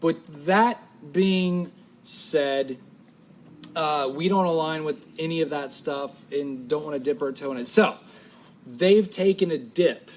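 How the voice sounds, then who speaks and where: Chatty guy cohost, kinda high voice, rambles and restarts a lot. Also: slow, slight background noise. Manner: rambling, self-correcting, joking. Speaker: podcast co-host. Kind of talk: casual chat.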